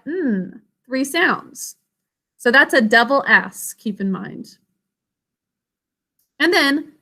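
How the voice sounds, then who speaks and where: Here a woman teacher with a bright, somewhat high voice patiently sounds out words one syllable at a time during a spelling and vocabulary lesson. She speaks slowly and clearly, questions the class, and addresses students by name.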